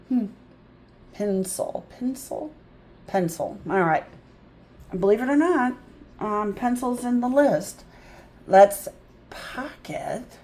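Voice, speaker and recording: A woman tutor teaching a phonics lesson, sounding out words slowly and thinking aloud in a chatty way. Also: medium pitch. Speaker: reading tutor.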